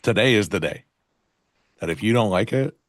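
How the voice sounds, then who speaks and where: A man's voice: lowish voice, lively intonation, normal speed, dry recording, soft background music. A man co-hosting a live trading stream, with dry, sarcastic humor in casual chat. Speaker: livestream trading co-host.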